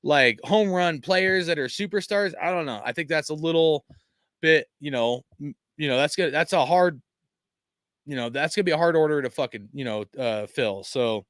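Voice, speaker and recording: A man's voice: on the high side, moderate pace, a bit bright, dry recording, studio quality. A man hosting a fan stream, venting in a frustrated, profane rant full of fillers while reading chat, tired after a long day. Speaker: fan channel host.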